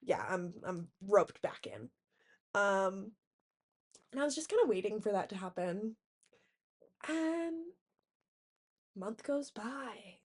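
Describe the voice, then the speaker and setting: A young adult woman recounting a personal story in a casual diary vlog, talking animatedly, saying "like" a lot and acting out quotes. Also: fairly high pitch. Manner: animated retelling, heavy use of "like", acting out quotes. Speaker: diary vlogger.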